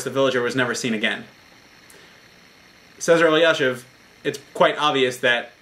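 Earnest rabbi, man, explains a parable with a bright, forward voice. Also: mid-range voice. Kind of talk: short Torah talk.

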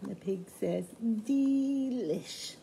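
Slow, mellow woman singing storytime. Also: medium pitch, a little hiss or hum. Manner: sing-song, with hushed asides and soft laughs. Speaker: children's librarian leading a lap-sit storytime. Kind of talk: singing and reading a picture book to toddlers. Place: public library.

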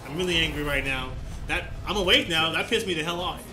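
A man's voice: a little high, quick pace, background noise. A male streamer ranting and swearing in a live reaction stream. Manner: ranting and profane. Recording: music playing behind.

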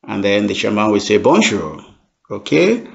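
Slow gravelly-voiced man teaching a lesson. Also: mid-range voice, sing-song. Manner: slow, repeats each phrase carefully. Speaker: French teacher. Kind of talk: language lesson. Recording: dull lo-fi sound.

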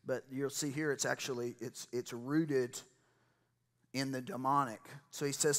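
A man preaching a lively sermon, building to loud excited shouts and exclamations. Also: mid-range voice, a little slow. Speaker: pastor.

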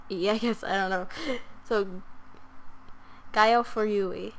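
A woman's voice: medium pitch, fairly even intonation, slow, long pauses. A young woman commenting on her game and reading story text aloud, often stumbling over words and mocking herself. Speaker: gamer.

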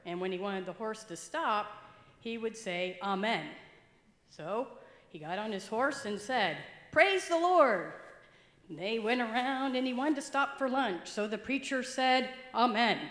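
A woman with a slightly high voice tells an animated joke to a congregation, getting louder as it builds. The church hall gives a roomy echo and a long tail of reverb. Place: church sanctuary.

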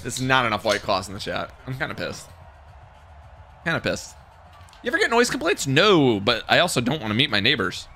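A young man commentating his own live game stream, cocky and hyped, trash talking and yelling at the game. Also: medium pitch, wildly swooping pitch, brisk, soft background music.

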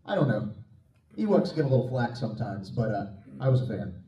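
A man's voice: medium pitch, sing-song, a little fast, mellow, recorded from a distance. A man moderating a convention panel, talking casually with fan-like enthusiasm. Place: convention hall. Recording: dull, echoey hall sound from afar.

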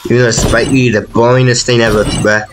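A man giving casual, excitable gameplay commentary as host of a gaming channel, trash-talking in slang. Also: mid-range voice, fairly quick. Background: loud game music.

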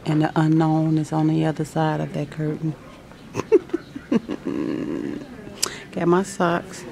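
A woman's voice: deep voice, level tone, slow, vocal fry, mellow. A nervous woman vlogging casually to a handheld camera at home and in a hospital pre-op room, chatty, slangy and laughing often. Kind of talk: casual vlog chat to camera.

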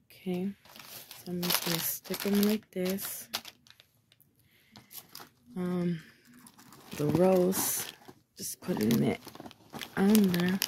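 A woman vlogger chatting casually while making a gift, easily frustrated and swearing often. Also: fairly low pitch. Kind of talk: casual craft vlog chat. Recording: faint background noise.

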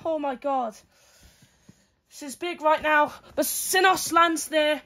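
A woman giving excitable play-by-play fight commentary, full of exclamations and counts. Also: high-pitched, slow.

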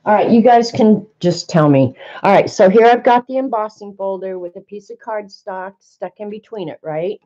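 A woman talks viewers through a craft machine in her home craft room, thinking out loud and growing flustered. Her voice is mellow and a little dark. The recording sounds slightly dull and lo-fi. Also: mid-range voice, moderate pace, few pauses. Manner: chatty, flustered, thinking aloud. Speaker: crafter demonstrating a die-cutting machine. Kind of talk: casual craft demonstration to viewers.

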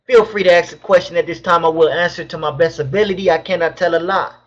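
A young man with a high voice hosts a casual live stream from home. He reads chat questions aloud and answers them in loose, slangy banter. His webcam mic sounds dull and lo-fi. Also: steady tone, quick pace. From Southern California.

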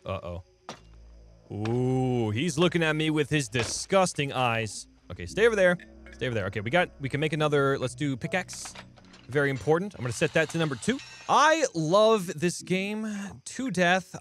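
Excitable young man playing a game. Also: fairly high pitch. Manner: excitable, talks to viewers, yelps and laughs at surprises. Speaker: gaming channel host. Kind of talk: let's play commentary.

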